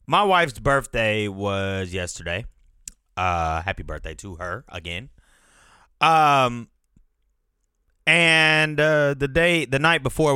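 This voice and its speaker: A man's voice: lowish voice, pushed and bright, clear, resonant tone, dry recording, clean studio sound. A man telling a rambling, profane story in casual vlog style. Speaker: vlogger.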